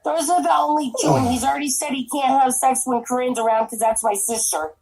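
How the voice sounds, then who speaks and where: A woman's voice: high voice, steady tone, a little fast, a crowd in the background, rough recording. A woman guest talking bluntly in casual chat, swearing freely.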